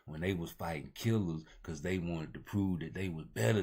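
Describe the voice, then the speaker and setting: Male host, very low voice, loose slangy boxing rant. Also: moderate pace, hardly any pauses, darkish tone, slightly rough. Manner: loose, rambling street talk with heavy slang. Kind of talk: casual boxing commentary.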